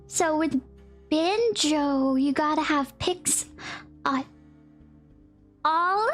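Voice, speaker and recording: Young woman streamer, high bright voice, unhurried bubbly chat with her viewers, soft music underneath. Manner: bubbly, gasping and giggling, greeting chatters with howdy. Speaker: livestreamer. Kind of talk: casual livestream chat, reading chat.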